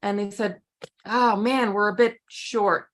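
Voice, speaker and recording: A woman's voice: mid-range voice, steady tone, slow. A woman improv player telling short pun jokes, a little hesitant at times. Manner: plain, slightly hesitant delivery of pun jokes. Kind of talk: casual joke telling.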